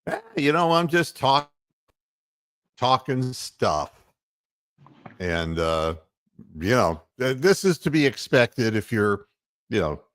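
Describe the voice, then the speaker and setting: A man's voice: mid-range voice, very animated, slow, long pauses, fairly bright tone, dry recording, studio quality. A man from Ohio hosting a casual sports talk show, rambling and heated, full of fillers and mocking quotes. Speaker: podcast host.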